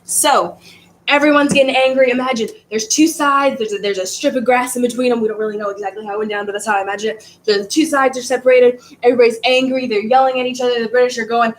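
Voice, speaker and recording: Woman history teacher, rambling casual lecture, slightly high voice, faint hiss behind. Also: steady tone, fast talker, low-quality recording. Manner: rambling, stumbles over words and restarts.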